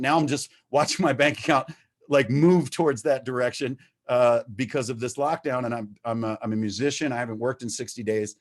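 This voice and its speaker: Man, recovery-meeting speaker on a video call; candid, animated, casual swearing. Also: mid-range voice. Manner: animated, swears freely, gets worked up. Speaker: recovering addict sharing at a meeting. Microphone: video-call microphone.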